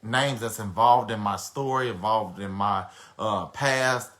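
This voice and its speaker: A man's voice: on the low side, measured pace, a bit bright. A man hosting a casual live stream, chatting with viewers, greeting them by name and using many fillers.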